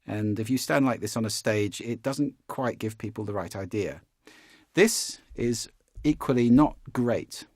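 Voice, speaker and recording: Man, speaking coach, course lesson, husky voice, dry sound, relaxed demonstrating manner. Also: lowish voice, measured pace, dry recording. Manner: relaxed, conversational, demonstrating as he explains.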